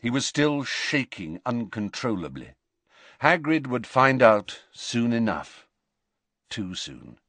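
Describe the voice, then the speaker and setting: A man reading a novel aloud as an audiobook narrator, in an expressive, measured style. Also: medium pitch, no echo. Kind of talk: scripted narration.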